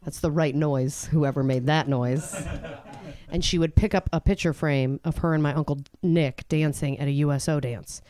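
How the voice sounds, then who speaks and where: A woman in her thirties performing a stand-up comedy set on a club stage, brash and animated, jumping into high exasperated outbursts. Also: moderate pace. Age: 30s. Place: comedy club stage before a live audience.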